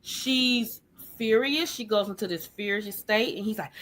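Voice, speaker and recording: A woman guest recounting her childhood in an earnest, halting way, full of fillers, over a video call. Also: medium pitch, a bit bright. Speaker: guest sharing her life story. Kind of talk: personal testimony in an interview.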